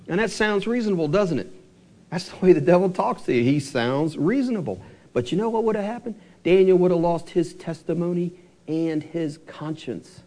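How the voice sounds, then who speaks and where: A male pastor giving a sermon, asking the congregation rhetorical questions and slowing down for emphasis. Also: high voice, lively intonation, darkish tone.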